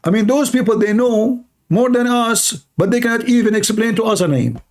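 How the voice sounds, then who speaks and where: A man's voice: high voice, normal speed. A man hosting an online talk show, arguing in a sarcastic tone and firing off rhetorical questions. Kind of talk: argumentative commentary.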